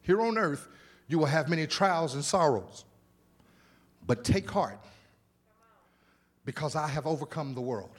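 Pastor, male, high voice, lively sermon delivery with stacked repetitions and folksy asides, live in church. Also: a little slow, pauses often. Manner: animated preaching with repeated words and exclamations; informal, conversational asides to the congregation. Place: church sanctuary.

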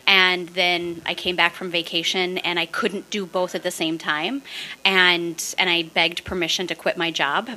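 A woman in her forties tells her story on a podcast with a bright, clear tone. She is animated and laughs easily. She acts out the voices of the people she quotes. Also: lowish voice, moderate pace. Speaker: podcast guest, real estate investor. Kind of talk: casual interview storytelling.

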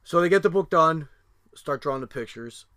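Middle-aged man, dry close sound, rambling and foul-mouthed storyteller with a somewhat high voice. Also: lively intonation, normal speed, bright, forceful tone, clear, resonant tone, dry recording. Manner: rambling, many fillers and restarts, swears freely. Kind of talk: casual storytelling chat.

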